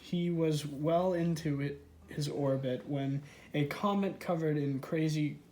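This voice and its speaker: Man reading a storybook aloud, slow, slightly high, trips over words. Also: steady tone, darkish tone, a little hiss or hum. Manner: stumbling, self-correcting reading. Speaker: story reader.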